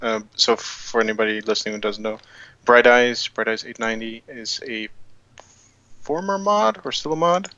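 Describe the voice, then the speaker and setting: A man's voice: medium pitch, normal speed, pushed and bright, no room sound, highs cut off. A man on a podcast explaining something to listeners, hesitating with fillers along the way. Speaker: podcast co-host. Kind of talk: casual podcast chat.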